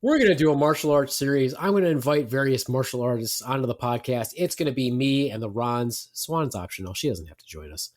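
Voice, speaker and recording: A man's voice: medium pitch, animated, fairly quick, hardly any pauses. A middle-aged man hosting a podcast, teasing and rambling in casual banter. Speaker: podcast host.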